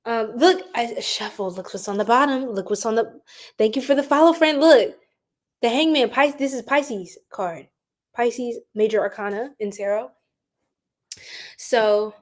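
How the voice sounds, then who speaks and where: A young woman giving a casual live-stream tarot reading, animated and slangy as she chats with her viewers. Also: fairly high pitch, a little slow.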